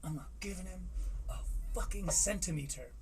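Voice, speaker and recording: A man from Michigan giving casual, joking live-stream commentary on a comedy special, swearing freely between quick asides. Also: sits high, gravelly, a little hiss or hum. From Michigan, USA. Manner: profane, joking, fast asides.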